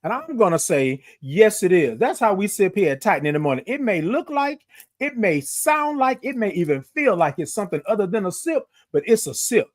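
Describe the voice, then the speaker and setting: A man hosting a morning livestream from his phone, chatting with viewers, reading out their comments and stretching his good-mornings into long singsong calls. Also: sits high. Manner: animated, drawn-out singsong greetings, reads out viewer comments. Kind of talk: upbeat live-stream chat greeting viewers.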